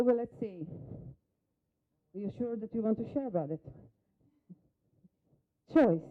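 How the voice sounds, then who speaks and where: In a conference hall, a woman whose first language is Hebrew runs a live workshop demonstration, coaching a volunteer with short instructions and questions. Her voice is a little high and the sound is phone-quality.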